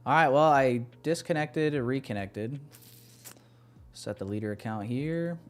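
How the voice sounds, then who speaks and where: A man's voice: medium pitch, measured pace. A young man giving live commentary on his trades to a stream chat, casual and self-deprecating.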